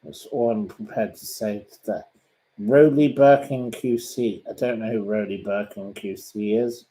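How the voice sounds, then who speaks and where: Brief: man, host, talks slowly and bluntly, fends off questions with indignation. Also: fairly low pitch, fairly even intonation, dark tone, rough recording. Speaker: host answering viewer questions. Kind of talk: casual live-stream chat.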